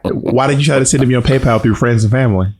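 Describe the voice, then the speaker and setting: A man co-hosting a casual chat, teasing his co-host with quick back-and-forth questions, his voice held soft and quiet as he recovers from voice strain. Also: mid-range voice. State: recovering voice, talking softer than usual. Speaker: podcast co-host.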